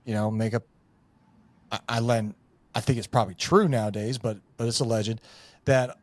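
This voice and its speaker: A middle-aged man in a relaxed podcast conversation, rambling and swearing as he goes. He leans on fillers like "you know" and "like", and the recording is dry, with no room sound. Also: lowish voice, moderate pace, dry recording. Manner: rambling, profane, full of fillers. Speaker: podcast guest, former Marine Raider.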